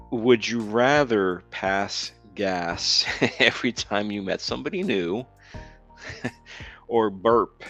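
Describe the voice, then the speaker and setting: A man's voice: on the low side, bright, forceful tone. A man hosting a casual live stream, rambling with lots of ums while reading viewers' comments aloud. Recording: dull lo-fi sound with faint music.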